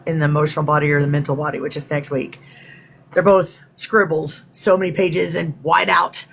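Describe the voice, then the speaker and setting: Lady rambling through a live stream, chatty, says hi to folks in chat, a little hiss in the background. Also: sits low. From Texas. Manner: chatty and rambling, greets viewers by name. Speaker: spiritual teacher hosting a livestream. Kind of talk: casual livestream talk.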